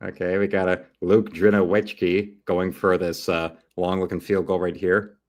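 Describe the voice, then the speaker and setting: A man's voice: deep voice, flat delivery, normal speed. A man streaming live and commenting casually on a football broadcast, rambling and cracking crude jokes. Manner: rambling, joking, crude asides.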